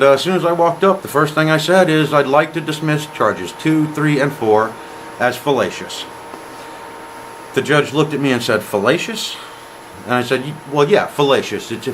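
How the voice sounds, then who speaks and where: A man casually telling a story to camera, quoting others in lively back-and-forth dialogue. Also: mid-range voice, slight background noise, rough recording. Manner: animated retelling, quotes others in dialogue. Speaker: vlogger.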